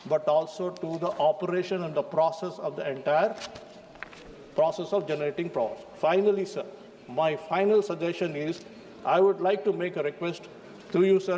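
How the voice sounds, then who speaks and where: High-voiced man giving a parliamentary speech. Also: dark tone. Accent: Indian English. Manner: formal, emphatic, addresses the chair. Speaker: member of parliament. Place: large parliament chamber. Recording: reverberant chamber, faint ambience.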